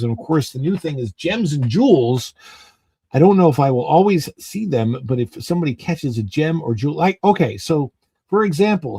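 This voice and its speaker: A man's voice: fairly high pitch, a little mellow, slightly rough, no room sound. A man hosting a casual live stream, chatting and reading viewer names aloud. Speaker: livestream host.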